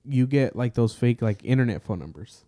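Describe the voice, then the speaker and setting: Podcast co-host, man, relaxed and expressive, dry close mic, casual swearing. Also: mid-range voice, fairly quick, no room sound. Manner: laid-back, laughs easily, swears casually. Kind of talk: casual chat.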